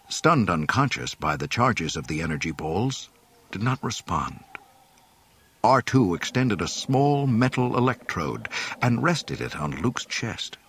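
A man narrating an audiobook in a dramatic, expressive way. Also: on the low side, a little hiss or hum. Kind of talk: audiobook reading.

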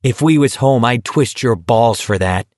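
A man's voice: mid-range voice, unhurried, darkish tone, no room sound, clean studio sound, close to an everyday voice. A man voicing a stubborn, touchy young man from a small town, speaking bluntly and dryly.

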